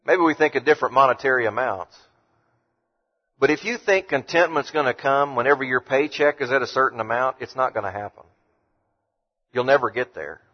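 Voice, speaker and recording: A man preaching a sermon emphatically, slowing down to read verses. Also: mid-range voice. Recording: dull lo-fi sound with long hall reverb.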